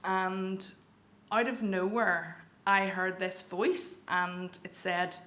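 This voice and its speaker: A young woman from County Down, Northern Ireland, tells a personal story to a live audience at an event venue, her accent clearly Northern Irish. Her medium-pitched, slightly bright voice is slow and flat, and she comes across as candid, wry and self-deprecating. The hall is echoey with faint room noise.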